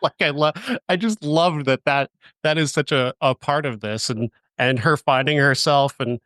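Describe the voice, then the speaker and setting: A man's voice: mid-range voice, fairly bright tone, dry recording. A man hosting a movie review podcast who talks with eager enthusiasm, stumbling over restarts as he praises a film. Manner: enthusiastic, halting, with many fillers and restarts. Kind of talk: casual review chat.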